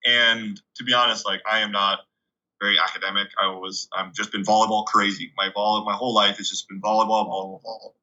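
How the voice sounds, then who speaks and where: A young man from Canada, a guest telling stories in a casual, chatty way, full of 'like' and animated retellings. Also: lowish voice, fast. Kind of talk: casual storytelling. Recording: dull lo-fi recording.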